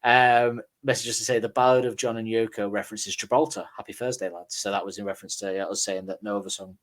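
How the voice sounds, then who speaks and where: A man's voice: fairly low pitch, fairly even intonation, fast. A man with a Northern English accent, co-hosting a podcast and chatting casually through listener messages with an easygoing, swearing, self-deprecating manner. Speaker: podcast co-host.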